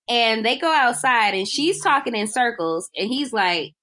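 A woman casually retelling a film plot, acting out the characters' lines in a lively, slangy way. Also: on the high side, unhurried, few pauses, slight background noise. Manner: animated retelling with slangy quoted dialogue. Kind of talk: casual chat.

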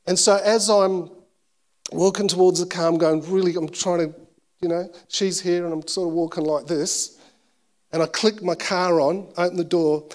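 A man preaching at a church service, his voice sitting a little high for a man. He tells a personal story in an animated, self-deprecating way, moving between lively recounting and quieter, earnest points. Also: normal speed. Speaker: pastor.

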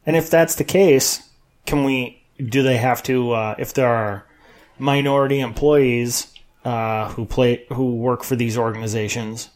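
A man of mid-range pitch co-hosting a talk show. He talks casually, needling his partner with a wry, skeptical sarcasm. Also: a little mellow. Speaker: co-host.

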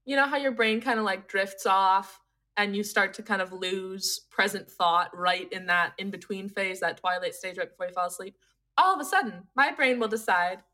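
A young woman in casual chat, telling a personal story with lots of laughter and animated asides. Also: medium pitch, moderate pace, slight background noise.

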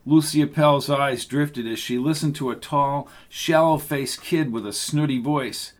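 A man narrates an audiobook in a steady, measured way. His voice sits a little higher than most men's. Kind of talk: scripted narration.

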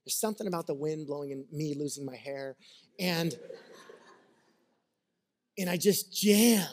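A man's voice: a little high, a little slow. A man preaching a sermon as a pastor, earnest and conversational, mixing scripture with personal stories.

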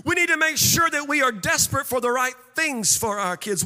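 In an animated, impassioned sermon, the pastor's very high, bright voice rings out, climbing into chanted and shouted crescendos and then easing down without hurry. His sing-song delivery echoes with the long reverb of a big church sanctuary.

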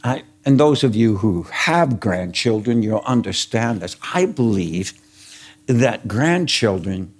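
Older guy preaching, slow and easy, chuckles a lot, asks the crowd stuff. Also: on the low side, expressive. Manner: storytelling, asks the congregation questions, chuckles often. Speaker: pastor. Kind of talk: sermon.

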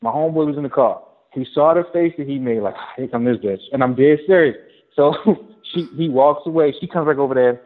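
A man in casual chat, telling stories in an animated, profane way. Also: fairly high pitch, a little fast. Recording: tinny phone-like audio.

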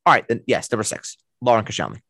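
A man's voice: fairly low pitch, big pitch swings, quick pace, gravelly, sharp tone, dry recording. A man co-hosting a podcast, chatting casually about sports and restarting his sentences often. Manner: rambling, with many restarts and fillers. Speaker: podcast co-host.

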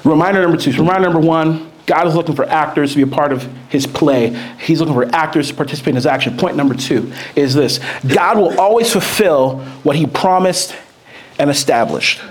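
Male preacher, lively sermon delivery, voice on the higher side. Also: brisk. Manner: animated, swings between reading scripture and excited storytelling. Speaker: pastor.

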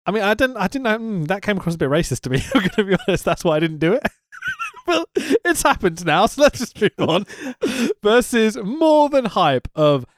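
A man co-hosting a wrestling podcast in casual chat, swearing freely, laughing often and rambling quickly. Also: high-pitched, big pitch swings, dry recording, studio quality.

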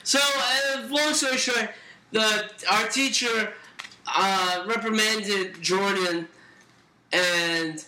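A man's voice: high voice, very slow, pushed and bright. A young man co-hosting a casual podcast, telling stories in a laid-back way full of fillers, in a roomy, echoey room. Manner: laid-back storytelling with frequent fillers and laughs. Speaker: podcast co-host. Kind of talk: casual chat.

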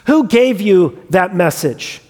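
A man's voice: high voice, animated, slow pace, a little mellow, exaggerated voice. A man voicing a desperate, sick ancient king who stammers out indignant questions. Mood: flustered. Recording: long reverb of a large hall.

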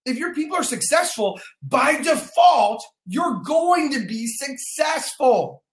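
A man who leads a sales team, giving an energetic motivational livestream talk from his phone. He repeats his points for emphasis, swears casually and greets viewers by name. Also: very high voice, slow, echoey room.

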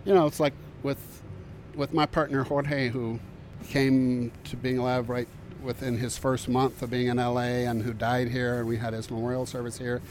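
An older man giving a reflective interview, speaking thoughtfully with frequent pauses, fillers and restarts. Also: mid-range voice, slight background noise. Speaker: interviewee recalling community work.

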